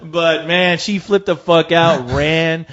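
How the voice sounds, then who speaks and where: A man's voice: on the high side, slow. Profane storytelling man, lo-fi sound. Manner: profane, animated storytelling with laughs. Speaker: co-host. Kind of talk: casual podcast chat. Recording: dull lo-fi podcast audio.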